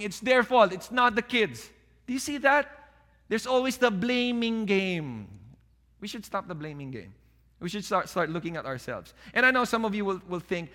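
A man preaching a sermon, animated and direct, dropping to a soft calm voice when he acts out quoted speech. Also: high-pitched. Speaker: pastor. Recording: long hall reverb.

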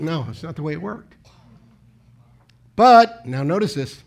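A man preaching a sermon in a conversational way, asking the congregation questions and punching key words with sudden loud emphasis. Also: high-pitched, lively intonation, moderate pace. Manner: asks the congregation rhetorical questions.

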